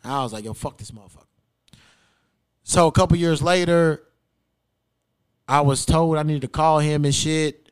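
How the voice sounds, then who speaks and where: Loud, profane young man telling a story. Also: on the high side, normal speed, long pauses, clear, resonant tone. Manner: profane, animated, acts out quotes loudly. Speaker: podcast host. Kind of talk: casual storytelling chat.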